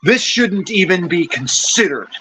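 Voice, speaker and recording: A man's voice: high voice, lively intonation, unhurried, sharp tone, a little hiss or hum, rough recording. An injured veteran, a man who has had a couple of beers, ranting furiously and profanely into his cell phone, stammering over his restarts. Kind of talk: angry vlog rant.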